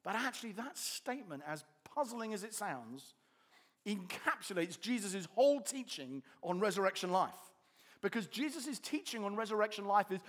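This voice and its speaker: A man preaching a sermon, moving from calm explanation to emphatic, rising declarations. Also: high voice, normal speed. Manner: animated, builds to emphatic peaks. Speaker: pastor.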